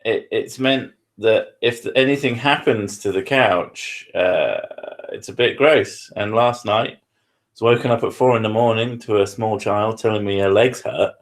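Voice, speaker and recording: Low-voiced man hosting a stream. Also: measured pace. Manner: crude, self-mocking banter with frequent laughs. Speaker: live stream host. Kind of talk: casual live-stream chat. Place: home living room.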